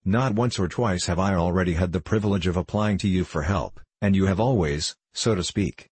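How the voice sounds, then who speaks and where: A man plays an anxious suitor in his thirties who keeps fretting and tripping over his words. His voice is very deep and husky. It is a dry, close audiobook play reading. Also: brisk, a little mellow, no room sound. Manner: fretful, flustered, stumbling over words. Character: nervous 35-year-old male suitor, anxious and hypochondriac.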